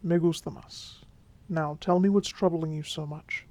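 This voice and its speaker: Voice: medium pitch, fairly even intonation, normal speed, natural voice. A performer playing a charming, flirtatious male vampire who speaks with a Mexican Spanish accent, teasing and then soothing in an audio role-play drama. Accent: Mexican Spanish accent, put on by the figure. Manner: teasing, warm, soothing, drops to whispers.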